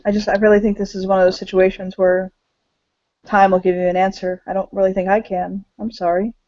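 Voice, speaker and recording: Game master, tabletop narration, halting delivery, mid pitch, lo-fi sound. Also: level tone, a little mellow, no echo. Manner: hesitant, many fillers. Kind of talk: narrating a tabletop role-play. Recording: dull, dry lo-fi audio.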